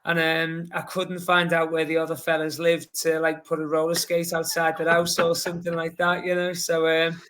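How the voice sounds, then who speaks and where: A man's voice: fairly high pitch, completely flat delivery, moderate pace, hardly any pauses, a bit bright. A man in his forties from Liverpool with a Scouse accent, chatting casually as a podcast guest and acting out quotes as he tells stories. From Liverpool, England. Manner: chatty storyteller, acts out quotes. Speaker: guest, marathon runner.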